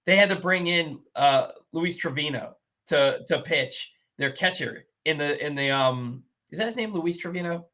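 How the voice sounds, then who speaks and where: On a casual sports talk show, a male host recounts a game story with animated exasperation, restarting his sentences quickly. His voice sits on the high side.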